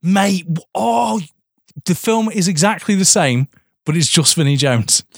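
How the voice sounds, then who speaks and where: A man's voice: sits high, animated, a little slow, gravelly, no room sound, studio quality. A man co-hosting a podcast, laughing a lot and swearing in casual banter. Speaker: podcast co-host. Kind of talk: casual comedic chat.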